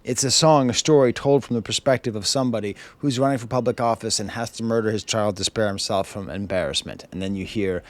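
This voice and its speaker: A man's voice: mid-range voice, fast, few pauses. A man reviewing an album in a casual way at home, wry and chuckling, reading lyrics aloud. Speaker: music reviewer. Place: home with his dog.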